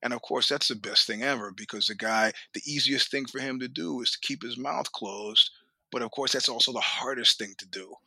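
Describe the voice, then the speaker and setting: A middle-aged man spins profane, animated stories as a podcast guest, laughing as he goes and jumping into the voices of people he quotes. His tone is bright and forceful, and the close mic sounds dry with no room around it. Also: medium pitch, fairly quick, gravelly, breathy edge, dry recording. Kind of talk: storytelling in a casual interview.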